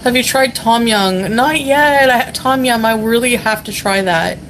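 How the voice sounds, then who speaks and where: A woman's voice: a little high, measured pace, fairly bright tone, a little hiss or hum, low-quality recording. A woman casually chatting on a livestream from a hotel room, reading viewer comments, giggling often and filling her talk with fillers. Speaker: vlogger reading chat.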